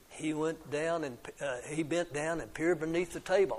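A man's voice: a little high, normal speed, few pauses. A man reading a fairy tale aloud to children, adding little asides to the kids and stumbling now and then over words. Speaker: storyteller.

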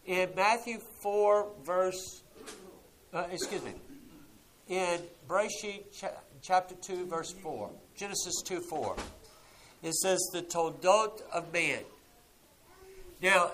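A man's voice: sits high, pushed and bright, poor audio. A man teaching a congregation about scripture and answering listeners' questions in an explanatory way, often correcting himself mid-sentence. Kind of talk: Bible teaching with audience questions.

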